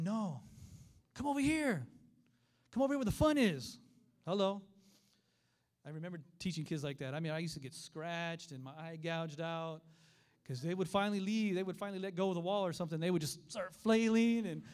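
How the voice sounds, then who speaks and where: A middle-aged man preaching a sermon, telling stories in an animated way and acting out the voices of the people in them. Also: high-pitched. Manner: animated storytelling with acted voices.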